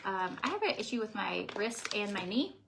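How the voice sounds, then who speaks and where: A woman's voice: mid-range voice, very animated, moderate pace, creaky, background noise. A woman vlogger in casual chat, chatty and laughing often.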